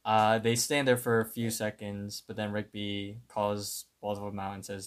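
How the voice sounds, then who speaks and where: A man's voice: fairly low pitch, level tone, normal speed, hardly any pauses. A man co-hosting a podcast, recapping a cartoon episode in a hesitant, restarting way. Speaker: podcast co-host.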